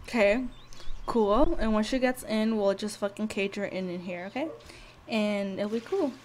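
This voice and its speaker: Foul-mouthed woman yelling at her game. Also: mid-range voice, moderate pace. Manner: profane, loud outbursts at the game; slangy, talks to viewers directly. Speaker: gameplay video host. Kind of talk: casual gameplay commentary.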